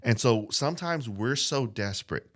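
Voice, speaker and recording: A man preaching a casual podcast sermon into a mic, earnest and reflective, repeating phrases and reading scripture slowly. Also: mid-range voice, animated, fairly bright tone. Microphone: studio mic.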